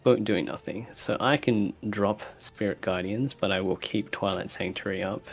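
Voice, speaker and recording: A man's voice: lowish voice, moderate pace, gravelly. A man playing in a tabletop role-playing game, speaking hesitantly with stammered restarts as he declares his character's actions and lines. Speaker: player.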